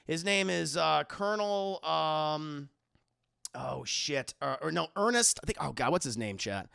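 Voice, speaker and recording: A man's voice: fairly high pitch, creaky, pushed and bright. A man casually and profanely recapping a movie for his live chat, talking to the viewers directly.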